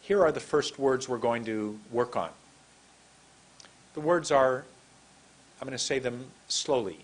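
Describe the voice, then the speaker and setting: Slow, deliberate man teaching. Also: mid-range voice. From San Francisco. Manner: deliberate, repeats words slowly with exaggerated mouth shapes. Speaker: English pronunciation teacher. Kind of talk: slow demonstrative lesson.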